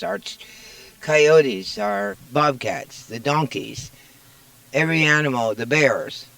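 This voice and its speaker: Slow, gravelly-voiced woman giving a tour. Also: rumbling low, dry recording. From New Mexico. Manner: emotional, earnest, talks fondly to the wolves. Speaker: wolf sanctuary founder. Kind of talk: guided tour talk. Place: outdoors at animal enclosures.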